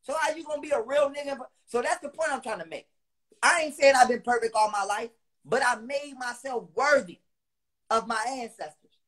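A man speaking online delivers a fairly quick, heated, cuss-filled monologue to his viewers. Lines come back again for emphasis, and loud bursts interrupt his lower, quieter stretches.

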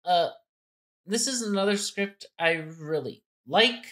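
A man's voice: high-pitched, takes it slowly, sharp tone. A man co-hosting a casual game-strategy talk, explaining step by step and thinking aloud with restarts. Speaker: co-host.

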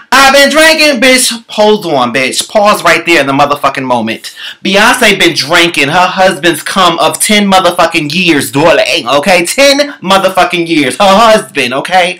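A man delivering a sassy, profane comic rant, calling the listener "girl" and swooping his pitch around wildly. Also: pushed and bright. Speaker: comedian.

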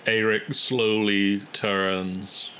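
A man narrating as dungeon master in an unhurried way, with hesitant fillers. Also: lowish voice, flat delivery, background noise. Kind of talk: narrating a tabletop game.

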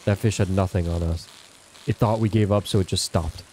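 Mellow-voiced man chatting over gameplay. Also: low voice, steady tone, brisk, a little hiss or hum. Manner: chatty, self-talking while playing. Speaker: gaming channel host. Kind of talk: casual gameplay commentary. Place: home, indoors.

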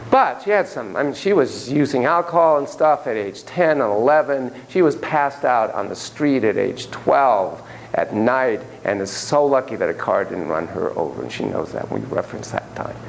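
A man's voice: mid-range voice, big pitch swings, normal speed, vocal fry, hardly any pauses, a little hiss or hum. A man teaching a class on child psychotherapy, emphatic and playful, with frequent asides. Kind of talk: classroom lecture.

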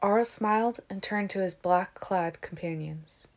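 A woman reading a novel aloud as an audiobook, with steady, even storytelling. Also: mid-range voice, measured pace. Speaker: audiobook reader. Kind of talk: audiobook narration.

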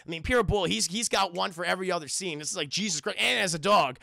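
A man's voice: a little high, quick pace, vocal fry, hardly any pauses, bright, forceful tone, no room sound. A man streaming a casual, rambling review of a TV show, swearing often and talking to his chat. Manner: rambling and profane, addresses chat. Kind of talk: casual live-stream commentary.

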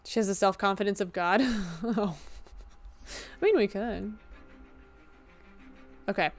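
Over faint music, a tired-sounding woman streaming a game talks to her viewers at an unhurried pace in a mid-range voice. The chat is casual and meandering, with plenty of self-deprecating jokes.

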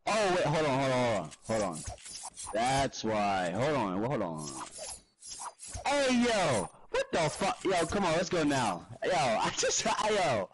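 A man giving live gaming commentary, swearing and getting frustrated, sometimes yelling in bursts. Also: medium pitch, big pitch swings, measured pace, noisy background. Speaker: gamer playing online matches.

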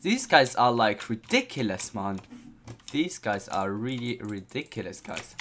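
A man giving excitable let's-play commentary on a video game, constantly exclaiming and talking to his viewers. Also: mid-range voice, a little slow, slight background noise. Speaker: gameplay commentator.

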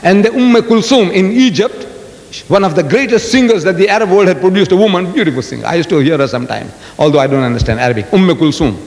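An older man giving an animated religious lecture, telling stories and asking the audience rhetorical questions. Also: quick pace. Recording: echoey hall with faint rumble.

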